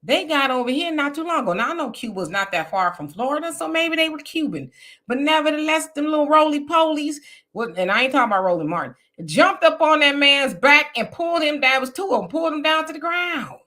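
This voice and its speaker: Animated, bright-voiced woman host. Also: high voice, brisk. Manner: animated, blunt, talks back to chat comments. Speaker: political talk show host reading live chat. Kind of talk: casual live-stream talk.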